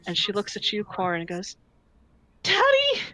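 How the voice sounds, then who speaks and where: A woman running a tabletop game as game master, narrating scenes in an unhurried, descriptive way with filler ums. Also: on the low side, level tone, bright, forceful tone, poor audio.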